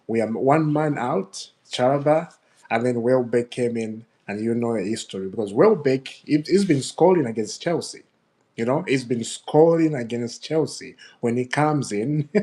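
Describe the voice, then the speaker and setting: A man hosting his own football fan channel, ranting in an upset, animated way, laughing and repeating himself. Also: medium pitch. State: upset, fuming. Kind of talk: ranting video commentary.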